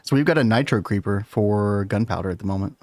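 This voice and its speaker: A man's voice: fairly low pitch, quick pace, a little mellow, dry recording. Gaming streamer, male, casual and laughing, dry close mic. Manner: chatty, laughs often, talks to chat. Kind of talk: casual gaming livestream chat.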